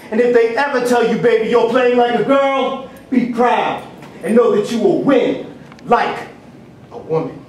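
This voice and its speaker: A man performing spoken-word poetry and stories live on stage, with animated, rhythmic delivery and jokey asides. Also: very high-pitched, measured pace, a little hiss or hum. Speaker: storyteller and spoken-word poet. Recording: echoey hall, distant mic.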